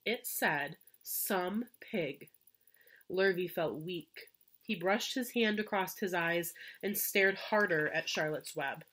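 A woman's voice: fairly low pitch, a little slow, fairly bright tone. Woman teacher reading a storybook aloud. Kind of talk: storybook read-aloud for children.

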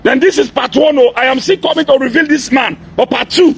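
A pastor delivers an impassioned warning at a very high pitch. His voice is rough and gravelly, heavily husky, and he keeps breaking into forceful shouts, hammering his listener with the same demand again and again. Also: fairly quick. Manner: forceful, repeatedly shouting and demanding "are you hearing me".

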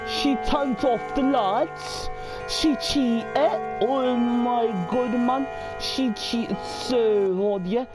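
A woman's voice: a little high, fairly even intonation, drawn-out words, music in the background, rough recording. A woman giving horror game commentary, exclaiming and complaining and tacking questioning tags onto her sentences. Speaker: gamer.

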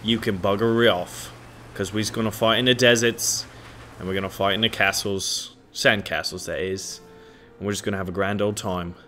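A man's voice: lowish voice, steady tone, moderate pace, pushed and bright, faint music behind. A man voicing a swaggering mock-British tank commander who talks with boastful bravado. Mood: defiant.

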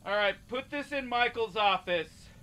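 An actor playing a tired male casting director running auditions in a flat, businesslike way. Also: high-pitched, moderate pace. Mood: bored.

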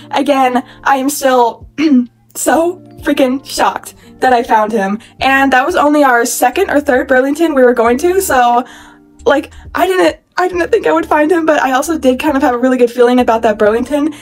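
A woman in her twenties chatting excitedly in a casual haul vlog, gushing and saying "like" often. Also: sits high. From California. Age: 20s. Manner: bubbly, gushing, chatty with many "like"s. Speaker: YouTuber reviewing toys.

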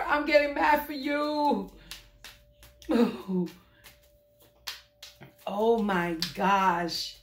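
A woman doing a casual tarot reading for her viewers, blunt, profane and animated. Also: fairly high pitch, extremely slow, long pauses. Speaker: tarot reader. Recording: echoey room.

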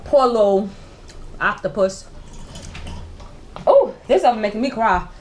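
A mother chatting casually in a home kitchen video, explaining things slowly and deliberately. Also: medium pitch, very animated, slight background noise. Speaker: mother running a prank video.

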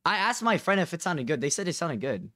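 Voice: medium pitch, sing-song, brisk, a bit bright, no room sound. A live streamer chatting casually with viewers, restless and questioning, dropping bro and dude often, on a close condenser mic at a home setup. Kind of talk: casual livestream chat to viewers. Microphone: condenser desk mic, close.

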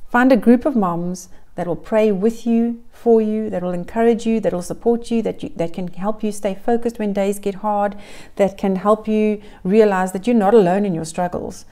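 A woman's voice: mid-range voice, steady tone, normal speed, dark tone. A middle-aged woman giving earnest, encouraging parenting advice straight to camera, often repeating phrases in lists. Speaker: parenting coach. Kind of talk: direct-to-camera advice vlog.

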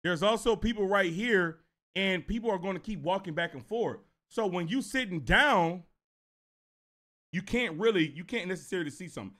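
A man's voice: sits high, normal speed. A man streaming live, telling a story to his chat in a casual, profane way. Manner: animated and profane, talks straight to viewers.

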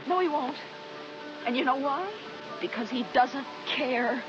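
A woman's voice: sits high, measured pace. An actress playing a grown daughter who is resentful and wary of her father, speaking in an emotional, pleading way in a film trailer. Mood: hurt. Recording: muffled film trailer audio with music.

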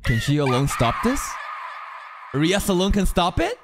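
A man giving casual, excitable reaction commentary as an anime streamer, swinging from loud outbursts to low mutters. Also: unhurried, noisy background. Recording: anime music audible underneath. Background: anime soundtrack playing.

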